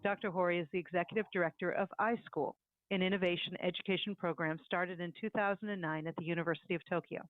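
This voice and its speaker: Brisk woman host over a phone-like line. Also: fairly low pitch, steady tone. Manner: brisk, read-out delivery. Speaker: webinar host. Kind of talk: scripted introduction.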